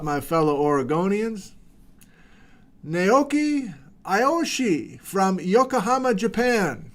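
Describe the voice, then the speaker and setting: A middle-aged man hosting a geology livestream, chattily reading out viewers' greetings with playful asides. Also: on the high side.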